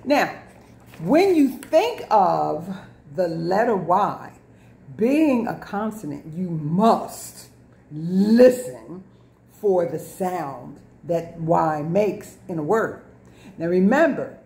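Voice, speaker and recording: A woman's voice: medium pitch, darkish tone, slight background noise. A woman teacher giving a lesson to young children, repeating words, drawing out sounds and spelling words letter by letter. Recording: echoey room.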